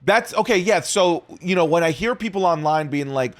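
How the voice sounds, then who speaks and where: A man's voice: fairly high pitch, animated, moderate pace. A man co-hosting a wrestling podcast in casual chat, emphatic and argumentative.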